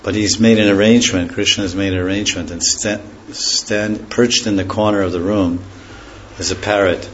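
A man teaching a devotional scripture lecture, unhurried and often stopping to correct himself. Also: sits low, a bit bright. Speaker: spiritual teacher. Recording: dull lo-fi recording with faint hiss.

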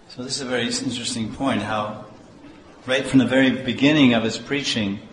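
A man's voice: mid-range voice, a little hiss or hum. Man preaching in an echoey hall. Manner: slow, repetitive, acts out dialogue. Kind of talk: scripture class. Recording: echoey hall with faint ambience.

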